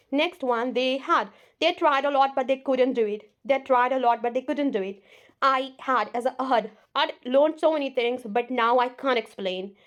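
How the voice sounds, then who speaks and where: A young woman with an Indian English accent teaching a spoken English lesson, repeating each example sentence slowly. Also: on the high side. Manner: slow, repetitive drilling of example sentences.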